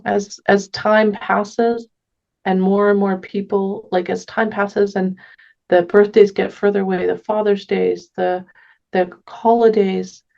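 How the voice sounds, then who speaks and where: Gentle woman with a gravelly voice. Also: medium pitch, highs cut off. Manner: gentle, earnest, with frequent restarts. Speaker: podcast guest. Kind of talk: casual conversation.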